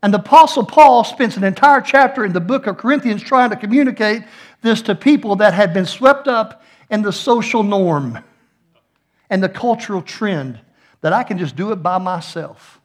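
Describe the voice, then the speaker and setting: Middle-aged pastor, high voice, folksy sermon with jokes. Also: male voice, moderate pace. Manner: folksy, joking storyteller with playful asides.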